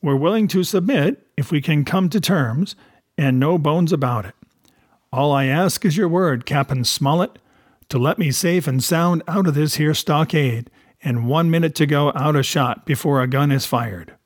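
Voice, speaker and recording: A male reader puts on a wily one-legged pirate chief, cheery and wheedling, his voice pushed a little higher than the reader's own. It sits close and dry, with no room sound. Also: moderate pace, no echo, close to an everyday voice.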